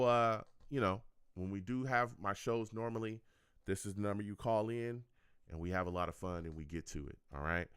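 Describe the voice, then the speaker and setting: A man's voice: sits low, clean tone, dry recording, clean studio sound. A man hosting his own sports fan radio show, talking casually and with energy, often repeating himself and tagging lines with "okay?" and "all right?", and joking with his chat. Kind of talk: casual call-in show wrap-up.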